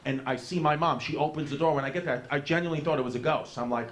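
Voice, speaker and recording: New male comic in his 30s, loose profane storyteller, higher-pitched, live club audio with noisy room. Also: quick pace, few pauses. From New York. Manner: brash, profane, rambling with fillers. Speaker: stand-up comedian. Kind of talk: stand-up storytelling. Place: comedy club stage with live audience.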